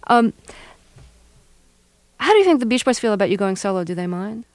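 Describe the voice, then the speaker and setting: Woman radio host, measured questions, middle pitch, dry studio sound. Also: big pitch swings, dry recording. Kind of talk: radio interview.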